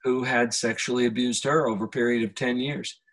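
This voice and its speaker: A man hosting a podcast conversation, speaking in a slow, reflective coaching manner. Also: medium pitch, steady tone, a bit bright. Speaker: podcast host. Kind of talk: conversational interview.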